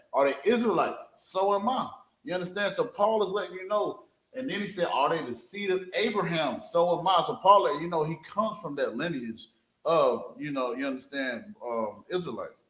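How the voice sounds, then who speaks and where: Man preaching with a reader, echoey room. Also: on the high side. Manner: calls for verses, repeats "you understand?", animated. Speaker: street preacher teaching scripture. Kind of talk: scripture teaching with a reader.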